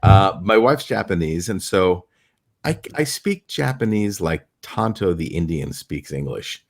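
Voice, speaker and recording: Man, middle-aged, low voice, lively anecdotes, acts out the quotes, podcast guest. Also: measured pace, creaky. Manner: animated anecdotes with acted-out quotes. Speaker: stage illusionist guest. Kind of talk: storytelling in a podcast interview.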